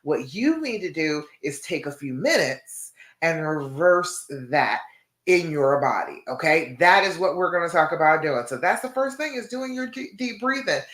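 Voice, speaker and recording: Low-voiced woman coaching in an echoey room. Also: a bit bright. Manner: encouraging, checks in with frequent "okay?" and "all right?"; slow guided counting during breathing exercise. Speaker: relationship coach. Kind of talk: live-stream coaching talk.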